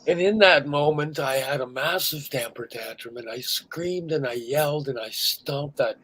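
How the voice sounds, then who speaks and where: Husky, intense middle-aged man. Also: a little high, moderate pace, poor audio. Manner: intense and emphatic, dropping to hushed tones. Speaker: host. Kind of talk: candid interview talk.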